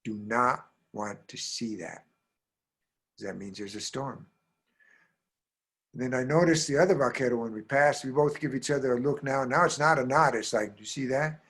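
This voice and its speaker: A man from the American Southwest, a storyteller performing a tale aloud, speaking straight to his listeners and swinging from hushed lines to loud bursts. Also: mid-range voice, moderate pace, breathy edge. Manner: talks straight to listeners with frequent "right?".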